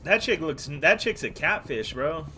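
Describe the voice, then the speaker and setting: A man's voice: on the high side, lively intonation, measured pace, bright, forceful tone, a little hiss or hum. Brash man ranting, dude-and-bro every line. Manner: profane, rambling, peppers every phrase with "dude" and "bro"; mocking and scornful. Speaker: gaming streamer. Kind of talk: casual live-stream rant.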